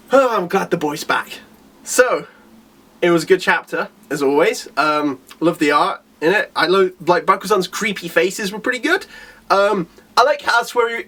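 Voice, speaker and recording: Guy chatting about a manga chapter, super animated voice that jumps all over, rambly and excited. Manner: enthusiastic, rambling with fillers and restarts; acts out characters' lines in a lowered voice. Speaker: manga reviewer. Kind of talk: casual chapter review.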